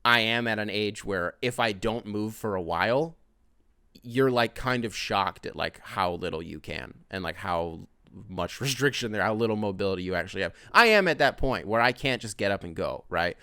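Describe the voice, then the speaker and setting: A man's voice: lowish voice, moderate pace, smooth, no room sound, studio quality. A man of twenty-five, the host, telling a long rambling story in a casual monologue, full of profanity. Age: 20s. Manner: profane, rambling, animated retelling. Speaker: podcast host.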